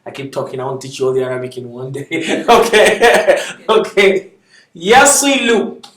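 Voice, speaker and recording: A man teaching an Arabic class, reading word lists aloud slowly with frequent laughs and chatty asides. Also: on the high side, steady tone, fairly bright tone. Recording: echoey classroom from far off.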